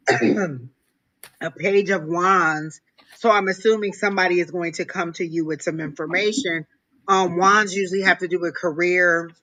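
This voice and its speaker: A woman, a tarot reader and co-host, giving a reading on a live stream in a measured, thoughtful way with frequent pauses. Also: lowish voice, pushed and bright, poor audio.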